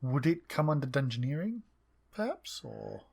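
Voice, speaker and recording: A man's voice: medium pitch, very animated, vocal fry, a little mellow, breathy edge. Casual man playing a tabletop game. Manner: casual, chatty, quick asides. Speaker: player. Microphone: podcast microphone.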